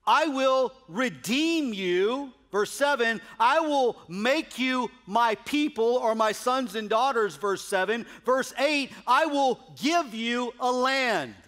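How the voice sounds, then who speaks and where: A man preaching a sermon as pastor, emphatic, swinging from loud declarations to hushed asides. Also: extremely high pitch, expressive, slow pace, hardly any pauses.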